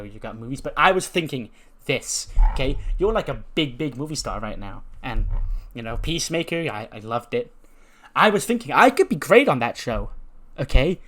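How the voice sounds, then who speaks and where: A man playing a vain young woman wrestler who thinks the world revolves around her. She gushes in quick bursts, jumping up in pitch when excited. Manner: vain, gushing, self-centered.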